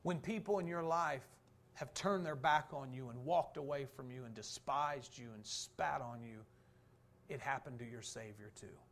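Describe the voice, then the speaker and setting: Moving at a moderate pace, a male pastor delivers a sermon that shifts between fervent emphasis and quiet, low reflection. He poses rhetorical questions and then answers them.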